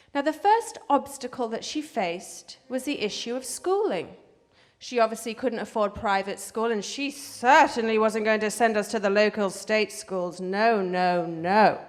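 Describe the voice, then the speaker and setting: Brief: English woman, live stage storyteller, wry, high voice, hall reverb, soft score. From England. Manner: wry, dry-humoured. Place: theatre stage before an audience.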